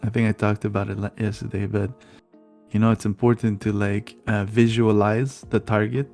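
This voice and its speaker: A man's voice: lowish voice, little pitch movement, normal speed, a little mellow, soft background music. A man hosting a podcast in casual conversation, hesitant and repeating words as he starts his sentences. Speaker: podcast host.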